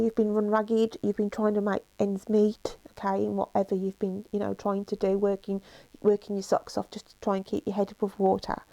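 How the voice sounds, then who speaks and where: Her voice is medium-pitched, gravelly, and dark, recorded without echo, as this tarot reader talks to her viewers. She's emotional and reassuring, filling her reading with fillers and frequent "okay?" checks.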